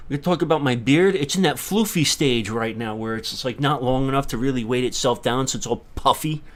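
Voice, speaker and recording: A man's voice: medium pitch, brisk, fairly bright tone. A middle-aged man from New York with a New York accent, rambling casually on a livestream and talking to chat viewers by name. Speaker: livestream host.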